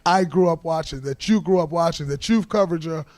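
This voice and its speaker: A man with a fairly high voice talks basketball in an easy, measured way, circling back on his words to make a point. The sound is dry and close. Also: darkish tone, no room sound. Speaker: basketball player guest. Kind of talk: casual sports talk.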